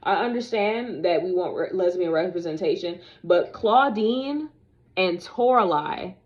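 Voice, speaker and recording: A young woman vlogging to camera in casual, opinionated chat, sassy and animated as she talks straight to her viewers. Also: fairly low pitch, measured pace, muffled recording. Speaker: vlogger reviewing dolls.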